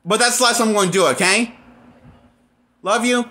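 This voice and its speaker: A movie critic rambles through a casual rant about a film, constantly restarting, using fillers, and making blunt, exasperated complaints. His voice sits high and sounds sharp, and he talks a little fast.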